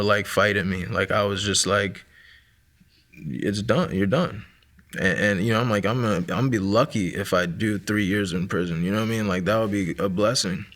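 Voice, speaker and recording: Sharing his personal testimony as a guest, a late-twenties man from Maryland, USA, speaks at a fairly low pitch with a sharp tone. His storytelling is casual and filler-heavy, full of "likes" and restarts.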